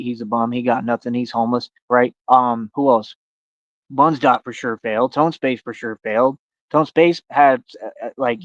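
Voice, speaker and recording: A man's voice: mid-range voice, no echo. Boastful man ranting on a livestream. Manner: boastful, confrontational, calls out rivals. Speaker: streamer. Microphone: streaming mic. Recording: dry, slightly dull lo-fi stream audio.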